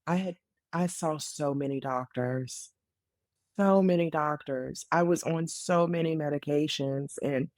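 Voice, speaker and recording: A woman in her late thirties, a podcast guest, telling her story in casual conversation, earnest and animated with frequent fillers. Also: sits low, dry recording, clean studio sound. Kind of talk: casual interview testimony.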